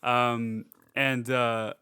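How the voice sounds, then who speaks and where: A man co-hosting a podcast, rambling casually through a movie recap, laughing and throwing in quick character voices. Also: medium pitch, flat delivery, bright, forceful tone, clear, resonant tone, no echo, clean studio sound. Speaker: podcast co-host.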